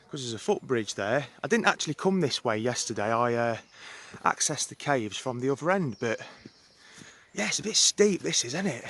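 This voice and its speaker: A man with a somewhat high, slightly bright voice narrates a casual local history tour as he films outdoors on a woodland trail and in caves. He chats and wanders off on curious tangents as he walks.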